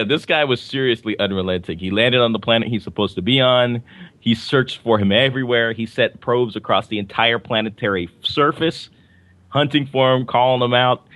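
A man's voice: medium pitch, a little fast, fairly bright tone, no echo. A man co-hosting a podcast in casual chat, rambling with fillers and restarts as he reviews comics and films. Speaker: podcast co-host.

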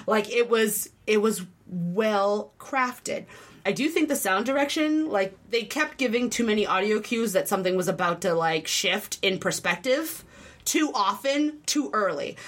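Chatty woman rambling in a casual review. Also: mid-range voice. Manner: rambling, filler-heavy, animated, acts out quotes. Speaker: podcast co-host reviewing a film. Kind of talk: casual chat.

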